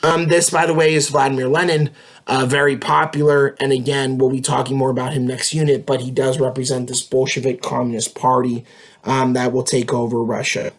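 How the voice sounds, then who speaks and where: Man, history teacher, mid-pitched voice, conversational lecture, fillers and tag questions. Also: level tone, fairly quick. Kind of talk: casual classroom lecture.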